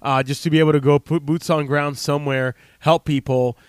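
Earnest, rambling man with smooth voice. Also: fairly high pitch, little pitch movement, a little fast, dry recording, clean studio sound. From United States. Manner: rambling, heartfelt, heavy with fillers and restarts. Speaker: health practitioner speaking to camera. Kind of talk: casual unscripted monologue.

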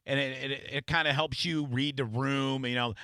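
Bright-voiced rambling radio host, a man. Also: mid-range voice, fairly even intonation, normal speed, smooth, dry recording, clean studio sound. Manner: rambling storyteller, many restarts and fillers. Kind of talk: casual radio interview chat.

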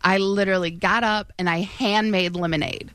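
A woman's voice: medium pitch, fairly even intonation, moderate pace, crowd noise. Rambling self-deprecating woman. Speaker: radio show co-host. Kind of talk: casual radio banter.

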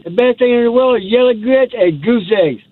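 A man's voice: very high-pitched, brisk. A man calling a radio show, insistent about his point. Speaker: caller. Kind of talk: phone-in chat. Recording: tinny phone line.

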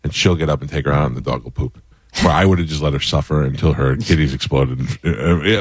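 A man hosting a radio talk show, trading deadpan jokes. His voice is very low. The sound is dry and close. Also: fast talker, no echo. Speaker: radio host. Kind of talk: comic radio chat.

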